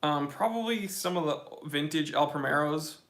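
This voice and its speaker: A man's voice: a little high, normal speed, a bit bright. A young man hosting a casual live-stream Q&A from his phone, giving blunt, opinionated answers in slangy talk. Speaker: watch channel host.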